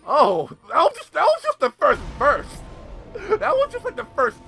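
Young guy hyped up playing a game, cursing a lot, super lively voice, game music loud behind. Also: very high-pitched, moderate pace, creaky. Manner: excitable, swears, mimics lines. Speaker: gameplay video host. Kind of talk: casual gameplay commentary.

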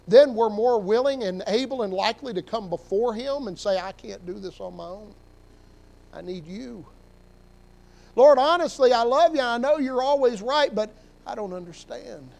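A pastor preaching a Sunday sermon in church, talking conversationally and building to emphatic peaks. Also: male voice, high voice, darkish tone, poor audio. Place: church sanctuary.

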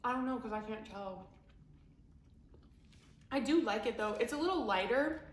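Higher voiced woman, upbeat and teasing, chatting over food in an echoey room. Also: animated, moderate pace. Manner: upbeat, teasing, thinks aloud with fillers. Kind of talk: casual food taste test chat.

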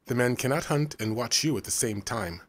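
A man's voice: medium pitch, a little fast, close to an everyday voice. A man voicing a stern tribal woman. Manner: firm, clipped orders. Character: stern protective woman of a tribe.

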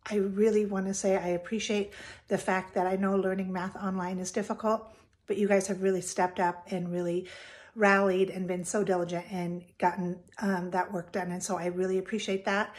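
A woman's voice: mid-range voice, level tone, normal speed. A woman, a math teacher, encouraging her students in a hesitant, casual way. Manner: warm and encouraging, hesitant with fillers.

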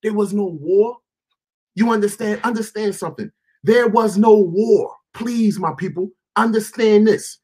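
A man delivering an impassioned monologue to his viewers, shouting, swearing and repeating himself. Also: husky. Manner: calmer, lower and quieter.

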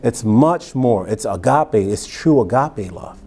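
A man with a fairly low voice and a dark, mellow tone teaches from scripture as a pastor. He reads verses at a deliberate pace and breaks off into easy, conversational explanations. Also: animated. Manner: reads scripture slowly, then explains in plain, conversational asides. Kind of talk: Bible teaching sermon.

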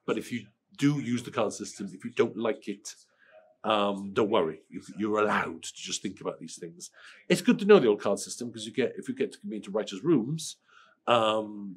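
A middle-aged Welsh man with a cold, answering interview questions in a lively way, often restarting and repeating words. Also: low voice, slightly rough. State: has a cold. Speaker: screenwriter interviewee.

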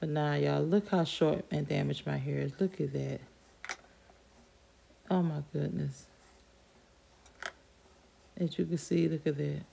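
Low, gravelly-voiced woman chatting over a hair dryer. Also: fairly even intonation, a little slow, long pauses. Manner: chatty, keeps addressing viewers as "y'all". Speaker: beauty vlogger. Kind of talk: casual chat to viewers while doing her hair. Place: at home. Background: loud hair dryer.

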